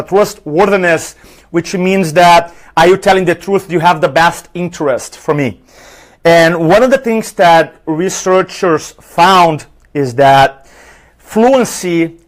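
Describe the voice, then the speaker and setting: Seminar trainer, male, thick Spanish-tinged accent, a bit high-voiced, punchy and energetic with audience. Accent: foreign accent, Spanish-influenced. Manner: energetic, rhetorical questions, numbered tips. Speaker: public speaking trainer. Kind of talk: live seminar talk. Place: event room with an audience.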